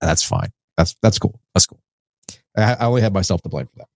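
A man co-hosting a sports podcast in casual chat, teasing and animated. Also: brisk, creaky, dry recording, studio quality. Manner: animated, teasing, jumps into high mock shouts. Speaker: podcast co-host.

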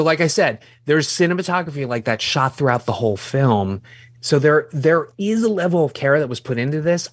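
A man co-hosting a casual film discussion, animated and swearing casually as he makes his points. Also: medium pitch, no echo.

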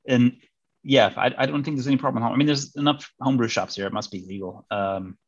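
A man's voice: medium pitch, brisk, no echo, dull audio. A man from Missouri, a diplomat, chatting casually as an interview guest, rambling with many fillers and restarts. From Missouri, United States.

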